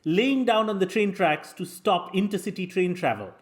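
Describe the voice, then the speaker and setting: Wry comedian from India, high voice. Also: male voice, normal speed. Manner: wry, laughs at his own punchlines. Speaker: guest comedian. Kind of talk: comedic storytelling on a panel.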